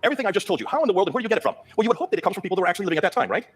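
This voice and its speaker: A man giving a public lecture to a live audience in a rapid-fire delivery, asking the crowd rhetorical questions. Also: sits high, sing-song, a bit bright, slightly rough. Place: venue with a foyer, before an audience.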